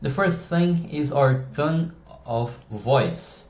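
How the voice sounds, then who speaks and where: A man presenting a casual lesson on communication, often dropping his voice lower and softer to demonstrate tones. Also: animated, slow. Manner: demonstrates tones, drops voice low and soft for examples. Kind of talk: casual explanatory video lesson. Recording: echoey room, dull lo-fi sound.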